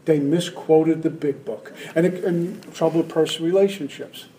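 A man's voice: on the high side, steady tone, moderate pace, warm tone, rough recording. Man giving a humorous talk to a meeting. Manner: humorous, acts out inner voices. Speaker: speaker at a recovery meeting. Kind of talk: personal talk to a live audience. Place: meeting room with a live audience.

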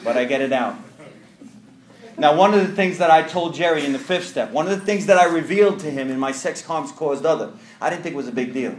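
A man's voice: a little high, fairly quick. Man telling a story in an echoey room. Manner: animated, self-interrupting storyteller with many restarts. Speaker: speaker sharing recovery story. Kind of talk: storytelling testimony to a live audience.

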